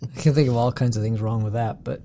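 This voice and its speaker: A man's voice: medium pitch, fairly even intonation, fast, dark tone. A man co-hosting a podcast, telling stories in a rambling way with many restarts. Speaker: podcast co-host. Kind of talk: casual podcast chat.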